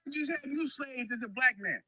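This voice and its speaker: A man's voice: extremely high pitch, brisk, a crowd in the background. A man calling into a live audio debate, confrontational, talking over the host and pressing the same question. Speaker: caller.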